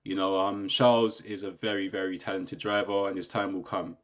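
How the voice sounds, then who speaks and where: With a low, level voice at normal speed, this British YouTube commentator rants casually about his opinions. His talk is conversational and full of rhetorical questions, and he keeps asking "do you know what I mean" to check in with the listener.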